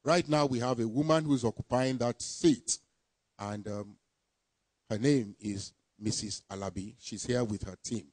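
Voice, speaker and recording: A man giving a formal ceremony speech, deliberately reading out names and titles. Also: medium pitch, a little mellow, no room sound. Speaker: permanent secretary presenting a project team.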